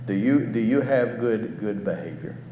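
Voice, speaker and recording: A middle-aged man delivers a conversational sermon in a church hall with a long, ringing reverb. His voice sits at an ordinary pitch, and he keeps turning to the congregation with questions. He often restarts his phrases, and a faint hiss lies under the room sound. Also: expressive, normal speed. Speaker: preacher. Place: church auditorium. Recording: echoey hall with faint background noise.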